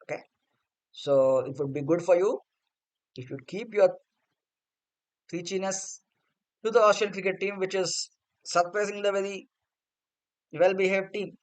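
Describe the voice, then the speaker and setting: Man, cricket vlogger, blunt and sarcastic rant, high-pitched and smooth. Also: normal speed, pauses often, rough recording. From India. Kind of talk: opinion rant to camera.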